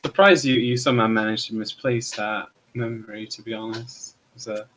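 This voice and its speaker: A man's voice: on the low side, steady tone, a little fast, fairly bright tone, slight background noise. Dry, teasing male player. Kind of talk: tabletop role-play banter.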